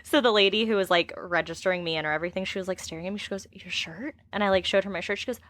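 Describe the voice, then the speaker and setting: A young woman co-hosting a podcast, chatting casually and giggling through animated stories. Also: medium pitch, rapid-fire, no room sound. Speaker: podcast co-host. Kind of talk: casual chat.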